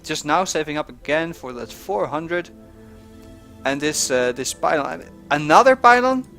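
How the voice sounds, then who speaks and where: Guy casting a game, kinda high voice, lots of uh and um, faint music behind. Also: animated, normal speed, creaky, sharp tone. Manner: hesitant, many fillers and restarts, chuckling. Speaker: game caster. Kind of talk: casual esports commentary.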